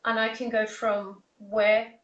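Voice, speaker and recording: A woman's voice: a little high, level tone, slow pace, fairly bright tone, muffled recording. A woman with an Australian accent, a vocal coach, earnestly explaining points with spoken examples in an interview. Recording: roomy echo, mic at a distance.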